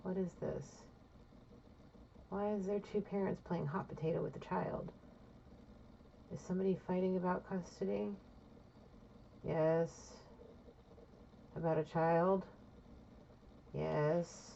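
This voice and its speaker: A woman's voice: lowish voice, fairly even intonation, takes it slowly, gravelly, pauses often, dark tone, slight background noise. A woman giving a casual intuitive reading, asking spirit questions aloud and answering them, blunt and swearing freely. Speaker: intuitive reader. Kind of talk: casual solo psychic reading. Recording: dull lo-fi recording.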